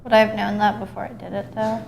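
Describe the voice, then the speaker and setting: A woman's voice: medium pitch, little pitch movement, quick pace, vocal fry, darkish tone, a little hiss or hum, rough recording. A woman playing a tabletop game, talking in a brief, matter-of-fact way. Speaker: player. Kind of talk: casual tabletop game chat.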